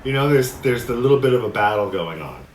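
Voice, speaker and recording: A man teaching a discussion workshop, reading passages aloud and explaining them in a relaxed way, often laughing. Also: mid-range voice, quick pace. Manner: relaxed, laughs often, acts out quoted voices. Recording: echoey room with faint noise.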